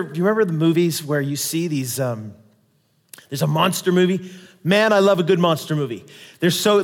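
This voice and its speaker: A man preaching a sermon in an animated, conversational way with dramatic Bible readings. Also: sits high, in a large hall.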